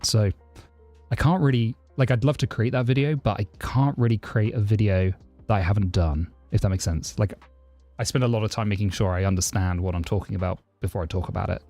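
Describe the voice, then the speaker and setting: His voice is on the low side with fairly even intonation, and he keeps a brisk pace while chatting on a live stream. This programmer from southeast London answers viewers' questions and warmly thanks subscribers, his southern English accent close to received pronunciation but less posh. Soft music plays in the background.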